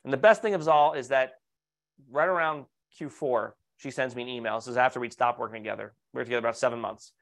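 A man presenting a leadership webinar in an upbeat, persuasive way, at an ordinary middle pitch. He speaks straight to his audience, asking rhetorical questions and sharing client stories. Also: fast, fairly bright tone. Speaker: leadership coach presenting to architects.

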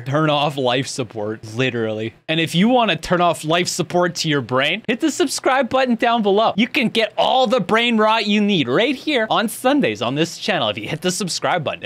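A man's voice: a little high, expressive, brisk, hardly any pauses, a bit bright. A man streaming, reacting to short videos with crude jokes and frequent laughter. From Canada. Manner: crude, joking, laughs often. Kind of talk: casual reaction commentary.

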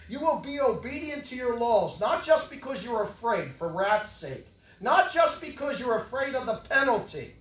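An older man preaching a sermon with great passion, swinging from loud yelling to low mutters. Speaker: pastor. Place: church hall. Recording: echoey church hall, from far off.

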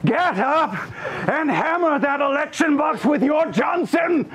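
A man plays up a grand, impassioned campaign speech as a parody. His voice sits high and swings widely in pitch as he orates. It's theatrical, rousing oratory from a tabletop game show cast member. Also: expressive, unhurried, fairly bright tone, a little hiss or hum. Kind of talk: mock political campaign speech.

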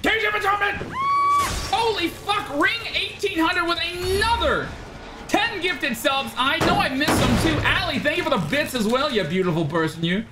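A woman streaming a game live, excitable and trash-talking opponents while she swears and thanks her viewers. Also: high voice, normal speed. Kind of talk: live gameplay streaming commentary. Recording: game music playing underneath. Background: game music.

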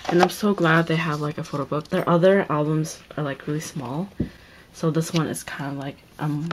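A young woman chats through an excited unboxing, her voice sitting a little low for a woman. She gushes constantly and now and then drops to a breathy whisper. A faint hiss runs underneath the recording. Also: normal speed, rough recording. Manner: gushing, keeps repeating oh my god, drops into whispers. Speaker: unboxing vlogger. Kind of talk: excited casual unboxing chat.

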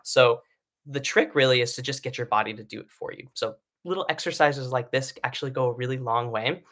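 A man's voice: medium pitch, brisk, fairly bright tone. A man teaching an online singing lesson, explaining breathing in a casual way with lots of fillers and "right?" checks. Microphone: live stream setup.

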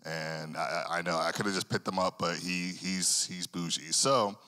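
A man's voice: low voice, steady tone, moderate pace, bright, forceful tone. A man hosting an open mic comedy night, hyping the crowd and bellowing the next comic's name. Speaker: host introducing a comic. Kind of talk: stage introduction. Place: arts center comedy stage. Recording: long hall reverb.

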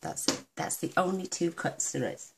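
A woman from the UK with a lowish, very animated voice demonstrates a papercraft project step by step at a moderate pace. She chats affectionately as she works through this casual crafting tutorial, with background noise audible.

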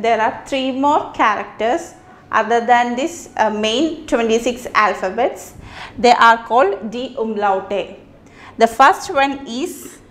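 Slow-paced teacher woman, echoey room. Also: a little high, fairly bright tone. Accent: Indian English. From India. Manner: slow, repeats each word twice, pauses between phrases. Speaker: language teacher. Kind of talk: slow classroom lesson on pronunciation.

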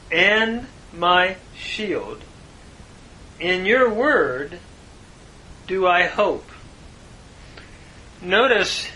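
A man teaching a Bible lesson on Hebrew grammar, explaining each word slowly and earnestly. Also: high-pitched, sharp tone, a little hiss or hum, rough recording. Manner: slow, deliberate explanation with earnest emphasis.

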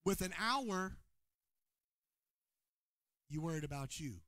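A man preaching a sermon to his congregation, calling on people by name and swinging between shouted points and quiet asides. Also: fairly high pitch, expressive, takes it slowly, no echo, clean studio sound. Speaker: pastor. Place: church sanctuary before a congregation.

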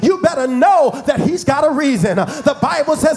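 A man preaching a sermon as a bishop, emphatic, with call-and-response lines and phrases he sings and shouts. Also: very high voice, expressive, normal speed, few pauses, faint music behind.

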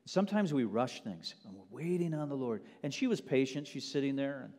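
A male pastor preaching a sermon, telling a story in a hush and then building to loud preaching. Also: medium pitch, lively intonation, brisk, few pauses. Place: church sanctuary. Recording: long hall reverb.

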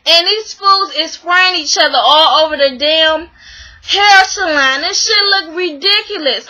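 A woman casually recapping a reality show, animated and exasperated, slangy and swearing freely as she acts out the people in it. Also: very high-pitched, a little slow, rough recording.

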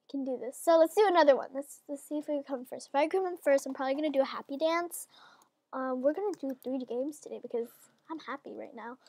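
A woman with a stuffy nose giving excitable gameplay commentary, swinging from mumbling to loud squeals. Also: high-pitched, fast, no room sound. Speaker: gaming channel host.

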